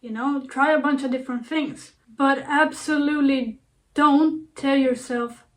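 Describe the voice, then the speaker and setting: A woman's voice: high-pitched, steady tone, measured pace. A young woman vlogger talking casually to camera, earnest and playful, repeating herself with lots of fillers. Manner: earnest, repetitive, playful self-talk with fillers. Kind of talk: casual self-help talk to camera.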